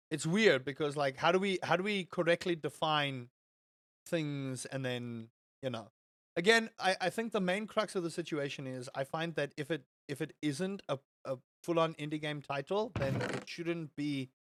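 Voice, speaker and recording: A man's voice: a little high, fairly bright tone, no room sound. A young man streaming a game and chatting loosely to his viewers, often restarting and repeating words and swearing. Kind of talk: casual live-stream chat while gaming.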